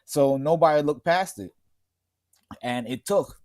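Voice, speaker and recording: A man's voice: on the high side, a little slow, a little mellow, no echo, clean studio sound. A middle-aged man from Miami in casual podcast chat, telling stories animatedly and laughing often. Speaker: podcast co-host.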